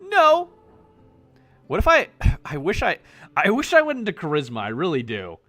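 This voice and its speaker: A male streamer reads a game aloud and reacts to it, cursing when rolls go badly. His voice sits high and bright, and his pitch rises and falls a lot. Faint game music plays underneath. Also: brisk. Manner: animated, swears at bad rolls. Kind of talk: reading game text and reacting live.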